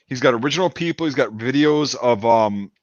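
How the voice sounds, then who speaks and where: A man's voice: mid-range voice, no echo. Midwestern guy, stammery restarts, dull dry lo-fi audio. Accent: Midwestern American. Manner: halting, repeats words while building a point. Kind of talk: casual livestream chat.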